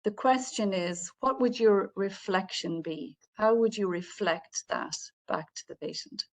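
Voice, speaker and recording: In an unhurried, gravelly mid-range voice, a woman delivers an online training webinar about healthcare communication. She talks straight to the participants on the video call and keeps her explanations friendly.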